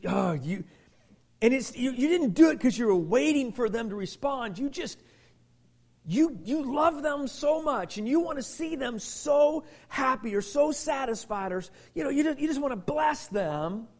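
A man with a very high-pitched voice preaches a sermon as a pastor. He's emphatic, often restarting and repeating words, and swings from loud bursts to near-whispers.

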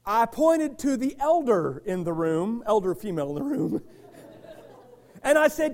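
High-pitched, animated preaching pastor. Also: male voice, measured pace. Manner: animated preaching, swings from shouting to quiet asides with the congregation. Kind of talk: sermon.

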